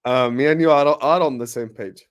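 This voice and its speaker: A man hosting a football livestream, talking in a hype, energetic way with lots of ums and uhs. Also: medium pitch, normal speed, clean tone. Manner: energetic, hype-style announcing with frequent fillers. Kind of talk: casual livestream chat.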